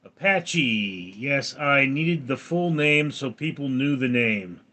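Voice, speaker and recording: A man's voice: mid-range voice, animated, slow pace, bright, forceful tone. A man in his forties hosting a casual livestream, reading out viewer comments and answering them dryly. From California. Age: 40s. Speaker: livestream host reading chat.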